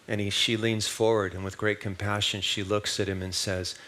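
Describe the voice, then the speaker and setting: A man with a fairly low voice preaching a sermon. He talks in an easy conversational way, tells stories and keeps asking the congregation rhetorical questions. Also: steady tone, normal speed, few pauses, fairly bright tone, a little hiss or hum. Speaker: minister. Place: church service.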